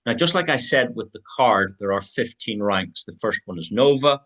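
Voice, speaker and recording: A man's voice: medium pitch, lively intonation, normal speed, fairly bright tone. A man giving an online sales presentation, upbeat and persuasive, talking straight to his viewers and chuckling as he tells stories.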